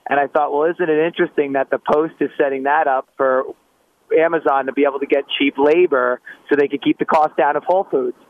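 A male caller to a talk radio show, speaking in a casual, musing way with some halting restarts. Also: on the high side, steady tone, no echo. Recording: dull phone line.

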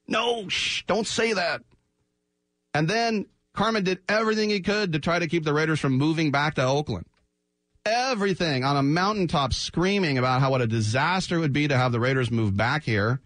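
A man hosting a sports talk radio show, animated and jokey, often slipping into quick mock voices. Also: fairly high pitch, dry recording. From San Francisco Bay Area. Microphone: studio microphone.

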